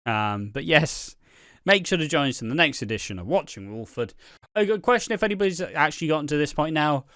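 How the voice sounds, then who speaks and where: A man's voice: a little high, lively intonation, quick pace, a bit bright, dry recording, clean studio sound. A young man hosting a podcast in casual, sweary, laid-back chat. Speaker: podcast host.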